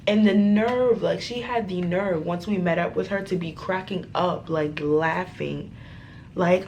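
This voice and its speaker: Animated young woman telling a story. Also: fairly low pitch, measured pace, a little hiss or hum. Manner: animated, profane, dramatic retelling. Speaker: vlogger. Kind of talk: storytime vlog.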